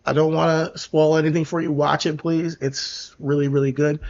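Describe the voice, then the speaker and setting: Earnest man, a bit high, lo-fi. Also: little pitch movement, moderate pace, darkish tone. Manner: earnest, enthusiastic recommending. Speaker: podcast co-host. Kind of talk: casual chat.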